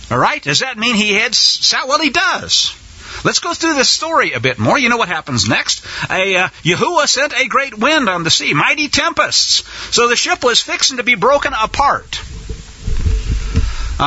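A male preacher delivers a sermon in a sarcastic, animated way. His voice is high and swings widely in pitch, with a very bright, husky tone. The recording is dull and lo-fi. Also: no echo.

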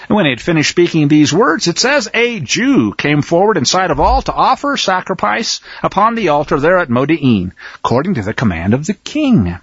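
A man's voice: fairly high pitch, sing-song, moderate pace, hardly any pauses, fairly bright tone, husky, no echo, dull audio. A man preaching a sermon, reading scripture aloud and commenting in a folksy, fiery way.

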